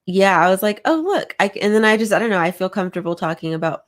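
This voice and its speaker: A woman's voice: medium pitch, fairly even intonation, rapid-fire. A woman co-hosting a casual chat show, rambling and self-deprecating, laughing often as she talks. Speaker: podcast co-host.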